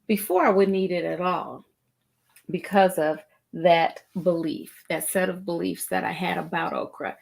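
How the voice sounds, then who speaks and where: A middle-aged woman hosting a live-streamed wellbeing talk show, speaking deliberately and repeating phrases for emphasis to her viewers. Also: lowish voice, steady tone, gravelly. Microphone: streaming setup, video call style.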